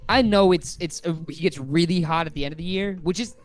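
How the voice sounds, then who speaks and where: A man talks casually as co-host of a sports podcast, excited and rambling like a fan. His voice sits a little high. Faint music plays softly underneath. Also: a little fast.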